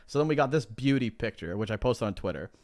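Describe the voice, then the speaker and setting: A man's voice: mid-range voice, expressive, fast, a little mellow, no echo, clean studio sound. A man co-hosting a casual podcast, telling stories animatedly, acting out both sides of conversations and swearing freely. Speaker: podcast co-host.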